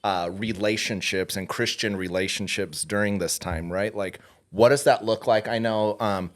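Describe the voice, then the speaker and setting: A man's voice: lowish voice, fairly even intonation, normal speed. A man hosting a podcast, talking in an enthusiastic, rambling way. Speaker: podcast host. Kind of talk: casual podcast chat.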